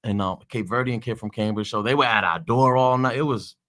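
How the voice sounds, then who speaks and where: A man's voice: medium pitch, fairly quick, a bit bright. A man, a podcast guest, reminiscing in easygoing casual chat and sometimes mumbling.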